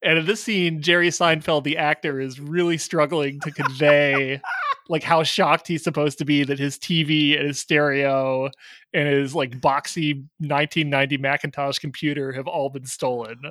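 A man's voice: a little high, steady tone, moderate pace, a bit bright, dry recording. Male podcast co-host, plain dry delivery, close dry sound. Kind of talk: casual podcast chat.

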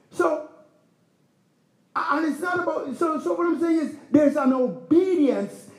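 High-voiced man preaching in an echoey room. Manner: conversational preaching with laughs and rhetorical questions. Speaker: pastor. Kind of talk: sermon. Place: church.

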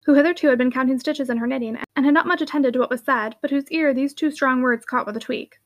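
A woman narrating a classic novel aloud with a clear, even reading. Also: sits high, fast talker, hardly any pauses. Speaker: audiobook reader. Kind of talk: scripted narration.

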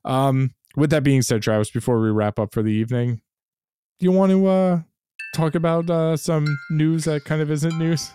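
A man's voice: on the high side, normal speed, mellow, clean tone, dry recording, soft background music. A man co-hosting a film podcast, chatting casually, swearing freely and restarting his sentences as he rambles. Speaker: podcast co-host.

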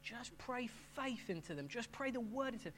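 A man's voice: very high voice, expressive, moderate pace, a bit bright, a little hiss or hum. A middle-aged man preaching a sermon as pastor, talking in a conversational way and often restarting his phrases.

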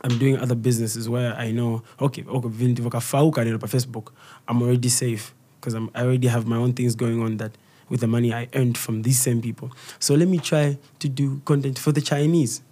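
A man's voice: mid-range voice, dark tone. A young Zambian man with a Zambian accent, a comedian being interviewed, telling stories casually and slipping into a local language for quoted voices. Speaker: guest comedian and content creator.

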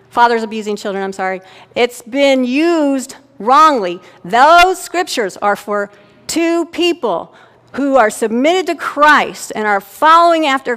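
A middle-aged woman delivers a sermon in a frank, chatty manner, often checking in with her listeners. Her voice sits a little high, and the recording carries the long reverb of a church hall. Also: a bit bright. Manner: conversational, candid storytelling with frequent "right?" check-ins. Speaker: pastor's wife preaching. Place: church sanctuary.

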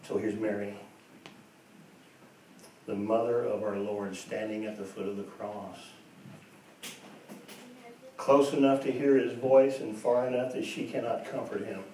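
A man's voice: lowish voice, steady tone, a little slow, long pauses, mellow. A man preaching a sermon as pastor, earnest and emphatic, asking his congregation rhetorical questions and repeating his points. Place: church. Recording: echoey church, distant mic, faint noise.

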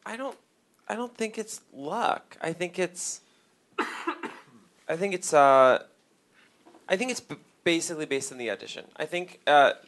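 A man's voice: on the high side, lively intonation, a little slow, long pauses, fairly bright tone. A man, a comedy guest, talking casually and hesitantly about his teammates and auditions. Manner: rambling, hesitant with fillers. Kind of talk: casual chat.

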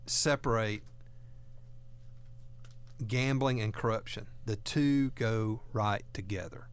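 A man's voice: on the low side, takes it slowly, clear, resonant tone. A man hosting a talk radio show, speaking in a folksy, earnest way and often repeating words as he goes. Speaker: radio host.

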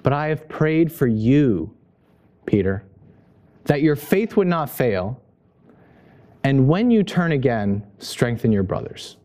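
A preacher putting on a calm, solemn male teacher who speaks slowly in a low, grave voice. The tone is warm and mellow, gentle even in warning.

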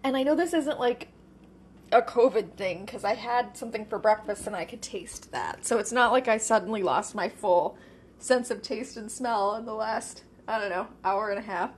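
A podcast host, a woman with a medium-pitched voice, chats casually on her own at a normal speed while eating, sometimes with her mouth full. She thinks out loud and uses plenty of fillers, and there's a slight hiss or hum on the recording.

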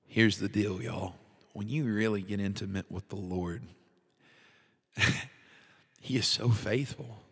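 A man's voice: lowish voice, steady tone, slow, pauses often, breathy edge, in a large hall. A man hosting a devotional talk, speaking casually and from the heart, laughing often as he shares his faith. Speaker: podcast host, worship leader.

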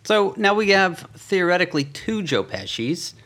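A man's voice: sits high, normal speed. A man co-hosting a podcast, chatting casually and animatedly as he retells a film's plot. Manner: animated storyteller, slips into quoted voices. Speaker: podcast co-host. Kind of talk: casual chat recapping a film.

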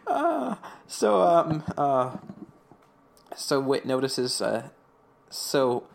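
A man co-hosting a podcast, recapping an episode in casual chat, rambling with lots of fillers and slipping into quick voices for quotes. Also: mid-range voice, sing-song, gravelly, slight background noise. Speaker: podcast co-host.

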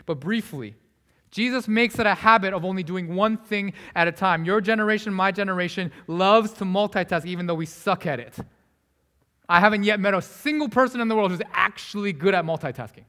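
A young male pastor with a high, light voice preaches a casual, conversational sermon. He acts out the people in his story and often drops to quiet asides. His voice rings through a hall with a long reverb.

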